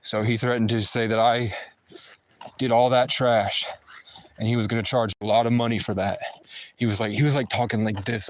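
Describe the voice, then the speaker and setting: A man ranting to his viewers in an aggrieved, fast-flowing monologue. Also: mid-range voice. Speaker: vlogger. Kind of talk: agitated monologue to camera.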